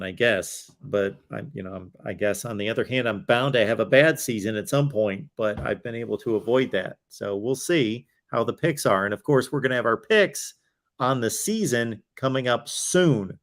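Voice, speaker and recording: A man's voice: on the low side, moderate pace. A man hosting a college football livestream, talking in a rambling, chatty way, tired with his voice wearing out. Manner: rambling, chatty, with fillers and self-asides. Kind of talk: casual livestream chat.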